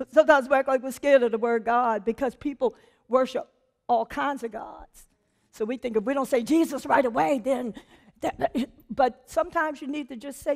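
A woman preaching a sermon in an animated, conversational way, laughing often and acting out quotes. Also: sits high, normal speed, gravelly. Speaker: preacher and teacher.

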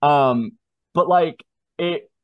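A man in his twenties, telling a personal story in a casual interview with animated, self-deprecating asides. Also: a little high, extremely slow, no echo, dull audio. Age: 20s. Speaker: guest.

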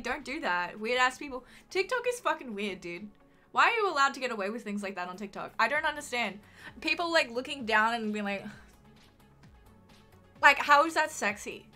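A woman's voice: on the high side, animated, fairly quick, bright, forceful tone, soft background music. A young woman with a mild Australian accent, chatting casually on a live stream, swearing freely and reading chat aloud.

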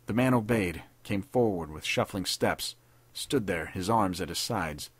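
A man narrating a 1930s pulp war story in a measured, dramatic reading. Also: low-pitched, lively intonation, breathy edge, no echo. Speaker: podcast narrator.

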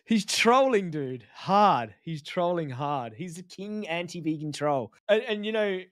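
A man's voice: sits high, expressive, measured pace, fairly bright tone, dry recording, studio quality. A man giving casual reaction commentary as a vegan activist, blunt and mocking, often calling people "mate".

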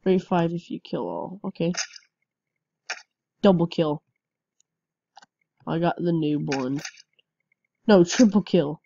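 A woman chatting through a game as she plays, yelping and laughing as things go wrong. Her voice is on the low side and mellow, and she talks slowly between outbursts. The recording sounds dull and lo-fi. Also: vocal fry. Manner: excitable, yelps and laughs at the game. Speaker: gameplay commentator. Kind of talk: casual game commentary.

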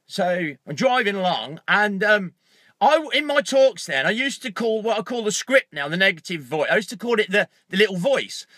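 High, bright-voiced storytelling man. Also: moderate pace, dry recording, studio quality. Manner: animated storytelling, swears freely. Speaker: motivational speaker. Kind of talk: casual self-recorded video talk.

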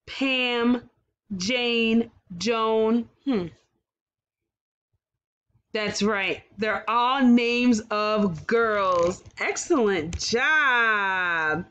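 Kindergarten teacher, female, slightly high voice, painfully slow and clear, encouraging sing-song delivery. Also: a bit bright, dull audio. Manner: encouraging, exaggerated sing-song praise and questions. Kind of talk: slow, clearly enunciated phonics lesson for young children.

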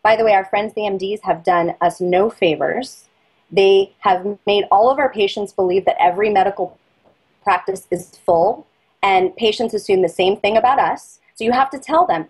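A middle-aged woman, a dental marketing consultant, giving lively, persuasive advice as a podcast guest and acting out little dialogues. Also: mid-range voice, moderate pace, husky, low-quality recording. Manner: lively and persuasive, acts out patient and dentist dialogue. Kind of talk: energetic interview talk, coaching advice.

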